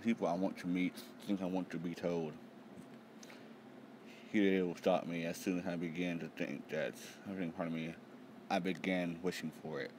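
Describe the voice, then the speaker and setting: A young man hosting a casual live manga reaction, reading panels aloud and swearing excitedly, sounding tired. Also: low voice, normal speed, noisy background. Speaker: manga reaction channel host.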